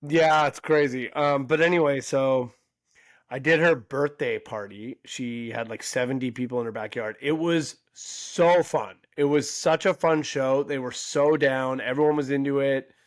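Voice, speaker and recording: A man's voice: mid-range voice, unhurried, dry recording, studio quality. A man in his forties, a podcast co-host, telling a story in casual chat and acting out the quoted voices. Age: 40s.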